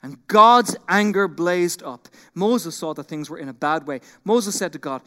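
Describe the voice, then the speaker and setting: A man preaching a sermon as pastor, animated, acting out quoted complaints and then dropping into quiet intensity. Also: sits high, a little slow, hardly any pauses. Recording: long hall reverb.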